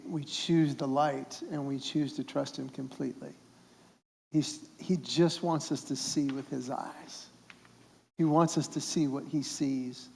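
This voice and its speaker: A man's voice: a little high, creaky, mellow, long reverb tail. A man preaching a sermon as a guest speaker, retelling a story and acting out its characters' voices. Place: church sanctuary.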